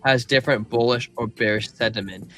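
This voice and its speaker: A man's voice: medium pitch, fairly even intonation, fairly quick, a bit bright, soft background music. A man hosting a live crypto stream, talking through price charts and reading viewers' chat in a casual, slangy way. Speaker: crypto livestream host.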